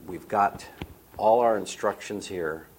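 An older man telling marriage stories to a church group, rambling along and acting out what people said. His voice sits fairly low. A faint noise floor hangs under the recording. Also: slow pace. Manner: rambling, animated storyteller acting out quotes. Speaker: marriage ministry speaker. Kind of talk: church talk with storytelling.

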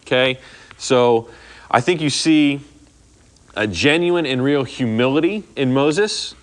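A man's voice: mid-range voice, takes it slowly. Casual man teaching a Bible study. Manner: conversational, says "okay?" often, acts out quoted speech.

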